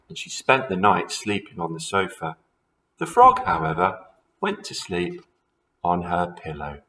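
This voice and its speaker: A man's voice: low-pitched, sing-song, unhurried, creaky, sharp tone, poor audio. A man who teaches primary school, reading a children's story aloud expressively and talking to his pupils.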